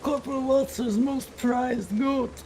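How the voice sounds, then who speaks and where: A man voicing a solemn old male village priest with slow, grave delivery, read off game text. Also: extremely high pitch, fairly even intonation, crowd noise.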